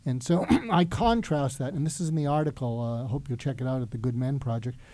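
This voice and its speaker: A man's voice: mid-range voice, fairly quick, dark tone, dry recording. A middle-aged man, a doctor guest on a talk show, telling a reflective anecdote with frequent fillers.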